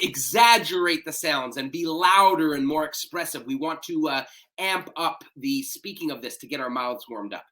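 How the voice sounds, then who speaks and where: A man runs a live-streamed warm-up for speakers, leading breathing and face exercises. His voice sits a bit high and now and then cracks slightly. He talks with lively, encouraging energy. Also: a little slow. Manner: energetic, coaching, leads vocal exercises. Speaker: public speaking trainer.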